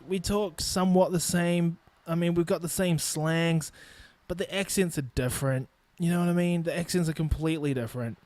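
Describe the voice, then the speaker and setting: A twenty-something New Zealander hosts a solo podcast on a studio mic, his fairly high, slightly mellow voice recorded with no echo. He rants bluntly and swears a lot.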